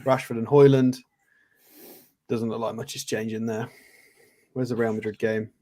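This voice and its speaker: Man, co-host, casual stream chat, mid-pitched voice, relaxed storytelling. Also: a little slow. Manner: chatty, gives match scores and tells anecdotes.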